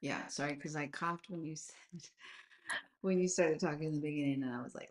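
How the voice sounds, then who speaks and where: Host, woman, 40s, low voice, rambling and lively over a video call. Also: fairly quick, roomy sound. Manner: animated, rambling, lots of fillers. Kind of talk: casual video call chat.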